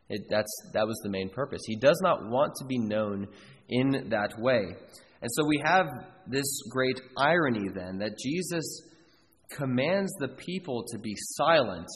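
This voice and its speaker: A man's voice: medium pitch, in a large hall, a little hiss or hum, rough recording. A man preaching a sermon as a pastor, earnest and emphatic, repeating key phrases for weight. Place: church sanctuary.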